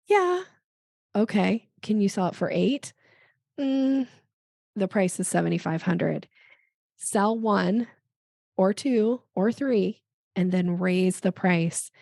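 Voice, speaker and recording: A woman guest on a podcast explaining sales tactics in a chatty, animated way, acting out little bits of dialogue. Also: fairly low pitch, gravelly, no room sound, studio quality. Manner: animated, acts out dialogue in quick voices. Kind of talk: conversational interview.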